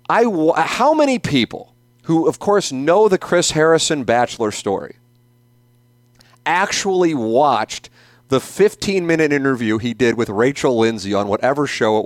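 A man's voice: a little high, no echo, studio quality. A middle-aged man hosting his own podcast, ranting in a casual, profane way and repeating himself for emphasis. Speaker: podcast host. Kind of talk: opinionated casual rant.

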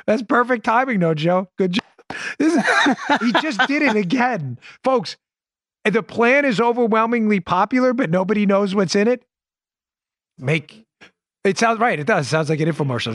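A man hosting a political commentary show, talking in an animated, sarcastic and emphatic way. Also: sits high, no echo, studio quality. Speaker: podcast and radio host.

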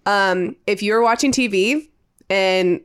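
A woman co-hosting a casual chat, talking quickly and emphatically, agreeing often. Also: mid-range voice, clear, resonant tone. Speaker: podcast co-host.

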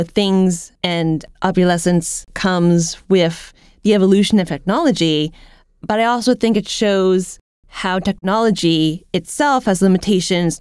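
A woman's voice: mid-range voice, darkish tone, smooth, dry recording, clean studio sound. A woman co-hosting a podcast, offering reflective, articulate thoughts in casual discussion. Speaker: podcast co-host.

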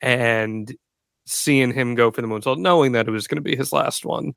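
Gravelly-voiced man co-host. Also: medium pitch, moderate pace, fairly bright tone, no echo, studio quality. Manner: earnest, emotional fan talk. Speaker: podcast co-host. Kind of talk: casual chat.

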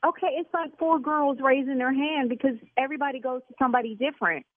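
A woman who owns a lash salon argues on a phone call, exasperated, loud and cursing. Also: high-pitched, fast talker, no room sound. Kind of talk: heated prank-call argument. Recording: tinny phone line.

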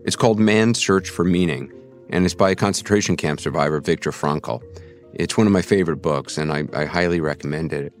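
Measured, low-voiced male host narrating. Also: faint music behind. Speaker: podcast host. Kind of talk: scripted narration.

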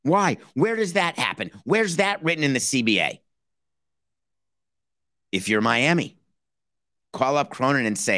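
A man's voice: mid-range voice, expressive, unhurried, pauses often, sharp tone, dry recording, clean studio sound. A man hosting a solo sports podcast, talking animatedly and rhetorically, acting out imagined phone calls between executives. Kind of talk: casual solo sports commentary.

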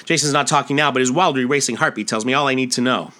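An earnest young superhero, as a man puts him on, rattling off dramatic declarations at speed. The voice sits a little above his own and sounds bright. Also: medium pitch, fast talker, natural voice.

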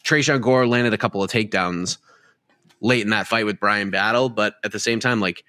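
A man's voice: on the low side, brisk, bright, forceful tone, no room sound, clean studio sound. A man hosting a casual post-fight podcast, talking in a chatty, rambling way with many restarts. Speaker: host.

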